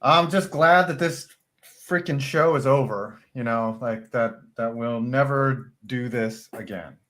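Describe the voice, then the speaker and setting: A man on a sports panel, joking in a sarcastic, deadpan way. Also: medium pitch, measured pace. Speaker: guest panelist. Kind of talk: casual joking chat.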